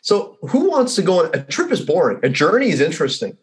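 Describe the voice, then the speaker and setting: A man who works as a results coach, a guest on a podcast, telling stories in a lively way and acting out the people in them. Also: high voice, fast. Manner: animated storyteller who acts out the people in his stories. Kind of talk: casual conversation with storytelling.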